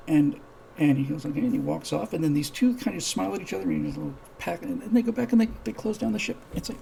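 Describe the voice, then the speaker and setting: The show host's voice sits high and comes out rapid-fire, mellow, with vocal fry, over poor audio carrying a little hiss or hum. Live-streaming, he rambles through a story with plenty of restarts, voicing each character's lines himself.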